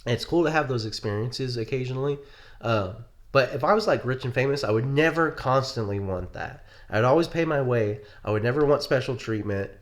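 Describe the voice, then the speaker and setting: A man's voice: medium pitch, brisk. A man co-hosting a podcast, talking casually in a rambling, joking way with plenty of swearing. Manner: rambling, profane, joking, says "dog". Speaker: podcast co-host. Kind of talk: casual chat.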